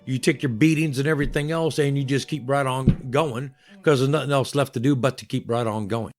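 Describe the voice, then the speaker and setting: A man's voice: medium pitch, brisk. An older man, a guest in an interview, telling stories with wry humor and acting out what other people said. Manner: lively anecdotal, acts out voices of others. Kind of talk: interview storytelling.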